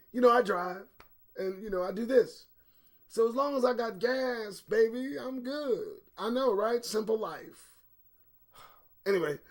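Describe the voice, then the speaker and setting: A middle-aged man hosting a live-streamed news commentary show, talking bluntly and profanely, his voice a little strained, swinging between low quiet stretches and sudden loud bursts. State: voice recovering from strain.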